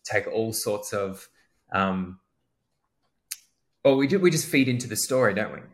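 Low voiced guy cohosting a podcast, thinks out loud, kinda halting, repeats stuff. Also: expressive. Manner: reflective, halting, repeats himself. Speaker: podcast co-host. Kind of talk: casual podcast talk.

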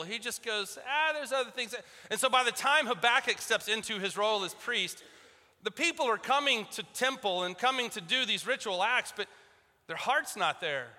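A man's voice: high voice, bright, forceful tone, big-room sound. A man preaching a conversational sermon as pastor of his church, often repeating words as he restarts. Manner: conversational, repeats words at restarts, acts out voices of biblical figures. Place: church sanctuary.

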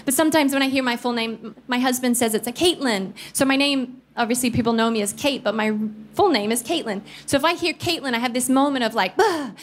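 A Filipino woman in her thirties, a pastor from the Philippines, preaches animatedly in a church studio, telling stories and playfully voicing characters. Her voice is slightly high and fast, with a little background noise.

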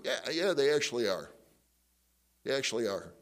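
A middle-aged man preaching a sermon, telling a story and acting out the voices in it with big jumps up in pitch. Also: moderate pace. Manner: animated storytelling, jumps high to act out quotes. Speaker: pastor. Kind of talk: sermon with acted-out anecdote.

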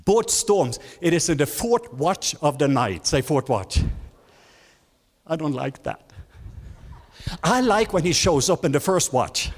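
A man preaching a sermon as guest speaker, leading the congregation in call-and-response and climbing to high, emphatic lines, with non-native English phrasing. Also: sing-song, unhurried, long pauses. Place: large church hall. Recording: church hall reverb.

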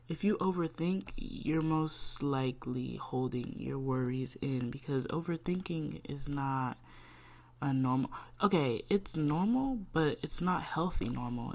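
A woman's voice: low voice, a little mellow. A young woman hosting a podcast, talking candidly about worry and faith and often talking to herself aloud. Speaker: podcast host. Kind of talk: personal faith talk.

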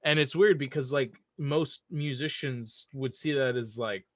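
A man's voice: medium pitch, measured pace, no echo, clean studio sound. A man guest on a podcast talking in casual chat, hesitant with lots of restarts. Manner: hesitant, many restarts and fillers. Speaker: guest, audio drama writer.

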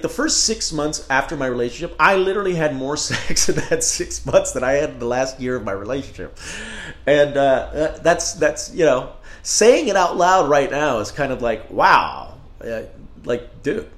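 A man's voice: on the high side, a bit bright. A man hosting a casual solo podcast, talking in a rambling, candid and profane way. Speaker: podcast host. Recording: roomy echo.

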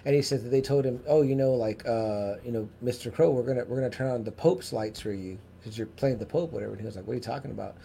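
A man hosts a podcast in loose, casual conversation, full of filler words. He talks quickly in a gravelly voice. Faint background noise sits under the recording. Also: medium pitch. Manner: animated storyteller, many filler likes. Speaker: podcast host. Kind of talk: casual chat.

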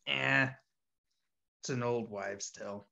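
A man's voice: mid-range voice, fairly even intonation, slow, gravelly, sharp tone. A young man co-hosting a casual podcast, laid-back and joking, with casual swearing. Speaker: podcast co-host. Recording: dull, muffled lo-fi sound.

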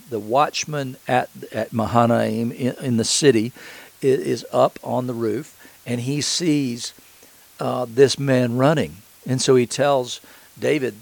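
Gravelly-voiced man preaching conversationally. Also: mid-range voice, a little mellow, rough recording. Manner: conversational, halting restarts. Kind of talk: sermon retelling a scripture story.

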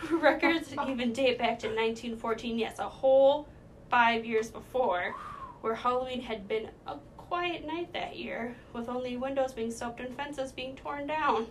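A woman's voice: on the high side, measured pace, a little hiss or hum, rough recording. A young woman from Minnesota, cohosting a podcast, telling a story in casual chat with lots of fillers and giggles. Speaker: podcast co-host.

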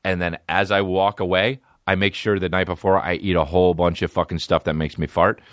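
A man's voice: low voice, level tone, brisk, a bit bright, no echo, studio quality. A male comedy podcast host talking in a crude, rambling way, mocking and profane, dropping to mumbles and then bursting out. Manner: profane, mocking, swings between mumbling and outbursts. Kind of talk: crude rambling comic chat.

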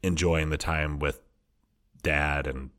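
A man's voice: a bass voice, fairly even intonation, fairly bright tone. A man in his thirties, a podcast co-host, casually talking about parenting his daughter in an easygoing, joking way. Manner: easygoing, joking, quick to laugh. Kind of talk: casual chat about family.

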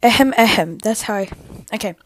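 A woman's voice: medium pitch, a little fast, no room sound. A woman hosting a casual podcast with a cough, often apologising for interruptions. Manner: apologetic, keeps excusing interruptions. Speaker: podcast host. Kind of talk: casual chat.

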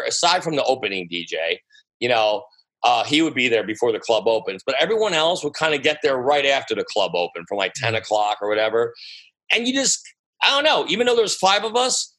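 American man, guest DJ, New sound, bright voice, animated storyteller who swears freely, casual interview telling. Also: a little high, poor audio. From United States. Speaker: guest DJ and producer.

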